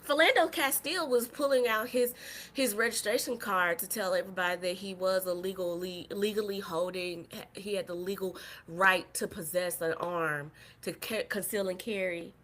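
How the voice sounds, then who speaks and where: A woman hosting a live podcast stream, talking in a heated, profane monologue that swings from soft to loud. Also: medium pitch, moderate pace. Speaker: podcast host.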